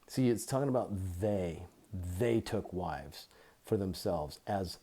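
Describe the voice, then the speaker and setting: A man giving an informal Bible teaching into his phone, deliberately repeating and spelling out key words. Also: low-pitched, expressive, mellow.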